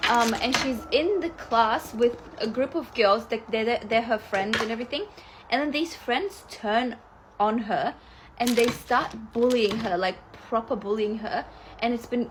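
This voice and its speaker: A woman's voice: fairly high pitch, noisy background. A young woman telling a personal story to camera in a chatty, filler-heavy way. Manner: chatty, fast, full of "like" fillers. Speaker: vlogger.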